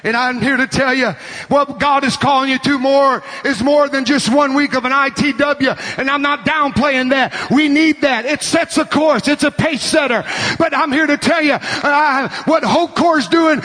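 High, bright-voiced preacher shouting a sermon. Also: male voice, normal speed, slight background noise. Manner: shouting, urgent preaching with call-and-response. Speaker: pastor.

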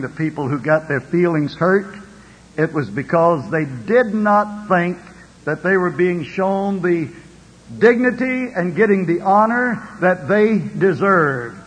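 An older male pastor preaches with a high, husky voice that swells and drops. His words echo with a long reverb through a church hall, and he keeps calling "Amen" to the people. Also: unhurried. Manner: preacher's rising and falling delivery, calling out "Amen". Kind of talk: sermon.

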